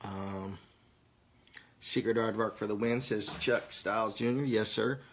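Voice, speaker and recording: A man's voice: lowish voice, fairly even intonation, a little slow, a bit bright, a little hiss or hum. A stoned man reading viewer comments on a casual live stream, crude, joking and rambling. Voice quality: gravelly.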